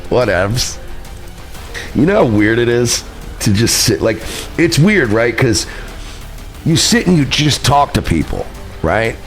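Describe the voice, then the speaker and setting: A man's voice: mid-range voice, big pitch swings, measured pace, soft background music. A man telling a rambling, profane story on his livestream, laughing at himself. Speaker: streamer recounting a party. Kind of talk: casual livestream chat.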